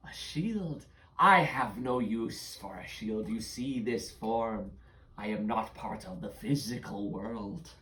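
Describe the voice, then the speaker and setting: A woman voicing a sly shadow creature that hoards stolen shadows, speaking in a slow raspy whisper. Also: rumbling low, a bit bright, roomy sound, voice pushed down, full character voice, poor audio. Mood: menacing whisper.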